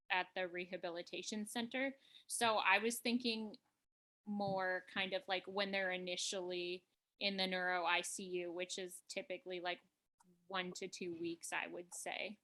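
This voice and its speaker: A woman's voice: on the low side, bright, forceful tone. A woman who works with patients in rehab, explaining in a casual, chatty way with many fillers on a video call. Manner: casual, full of "like" and "um". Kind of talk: professional discussion on a video call.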